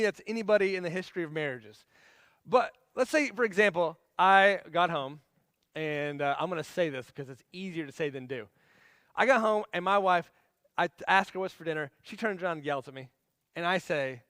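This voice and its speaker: A man's voice: high-pitched, expressive, moderate pace, fairly bright tone, no echo, clean studio sound. A man in his forties teaching a marriage class in a casual, conversational way, acting out everyday scenes. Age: 40s.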